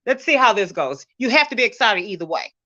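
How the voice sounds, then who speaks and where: A woman hosts a casual live online chat, her highish, bright voice swooping all over as she giggles and gets teary. The call audio is dull and lo-fi, with a dry, close sound. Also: expressive, no room sound. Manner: giggly, emotional, quick to tear up. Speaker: host of an online community stream.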